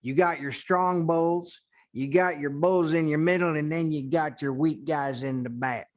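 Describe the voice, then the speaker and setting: Man as a drawling coach, slow, high-ish. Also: steady tone, lightly acted. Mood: folksy. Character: clueless male Texas football coach.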